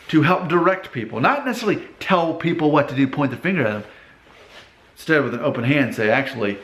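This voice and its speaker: A man in his thirties giving casual advice straight to camera, talking it through in a conversational way from his father's car repair shop. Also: fairly high pitch. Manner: conversational, acts out quoted people in exaggerated voices. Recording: echoey workshop.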